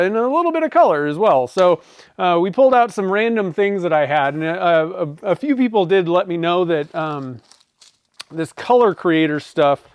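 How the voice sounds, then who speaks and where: Chatty high-voiced man. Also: clear, resonant tone, no room sound. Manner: rambling, with many fillers and restarts. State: clearing a dry throat. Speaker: pen-turning livestream host. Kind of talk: casual livestream chat.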